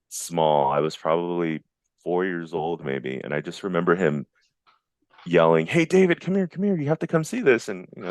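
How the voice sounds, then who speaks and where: A man's voice: very deep voice, dry recording, clean studio sound. A man in his forties talking casually as an interview guest, enthusiastic and rambling, often restarting his sentences. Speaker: guest, visual effects artist.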